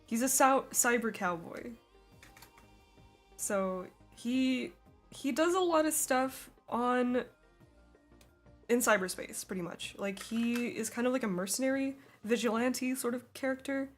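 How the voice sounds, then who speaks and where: A woman's voice: fairly high pitch, lively intonation, unhurried, soft background music. Giggly young woman chatting on stream. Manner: giggly, chatty, frequent laughs. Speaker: streamer drawing and reading chat. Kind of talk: casual live-stream chat. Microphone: desk microphone.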